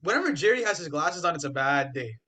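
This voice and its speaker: Animated young man talking football. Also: on the high side, fast. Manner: animated, trash-talking, emphatic. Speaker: podcast co-host. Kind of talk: casual sports chat.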